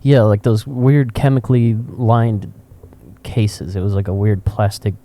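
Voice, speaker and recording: Man, podcast co-host, casual chat, animated storytelling, warm dark tone. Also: fairly low pitch, a little slow. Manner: animated storyteller, laughs often. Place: cigar shop.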